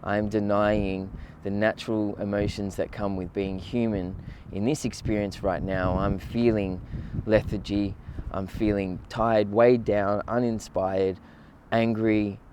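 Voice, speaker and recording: A man talks in a low, mellow voice, easygoing and conversational, tagging his points with "right?". He is outside on a windy morning, with faint wind and passing traffic behind him. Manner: relaxed, conversational, frequent "right?" and "you know". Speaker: meditation teacher. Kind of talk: casual outdoor talk on gratitude. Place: outdoors by the water on a windy morning.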